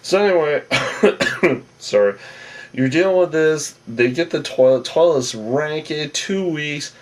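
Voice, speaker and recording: A man's voice: a little high, expressive, takes it slowly, far from the mic, low-quality recording. A man giving a rambling, casual recap of a reality show episode, full of asides and self-corrections.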